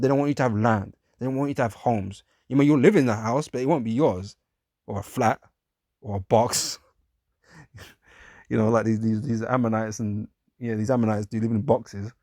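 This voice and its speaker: A man's voice: medium pitch, normal speed, pauses often, darkish tone, no echo, clean studio sound. Profane slangy man preaching scripture. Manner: casual, profane, repetitive, slangy. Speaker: street preacher. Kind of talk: informal scripture teaching.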